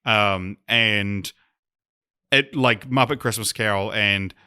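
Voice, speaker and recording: An English man chatting casually as a podcast co-host, halting and repeating words. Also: lowish voice, pushed and bright, clear, resonant tone, no echo, studio quality. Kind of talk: casual chat.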